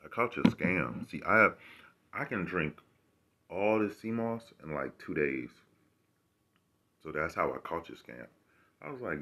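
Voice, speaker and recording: Low-voiced male vlogger, rambling and profane, sarcastic self-recorded rant. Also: lively intonation, unhurried, long pauses, sharp tone. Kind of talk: casual ranting monologue.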